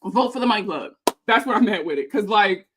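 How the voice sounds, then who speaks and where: With background noise behind her animated, mid-range voice, a woman who creates personal finance content rants in response to a video about her. She's fast-talking, profane and heated, mocking it sarcastically.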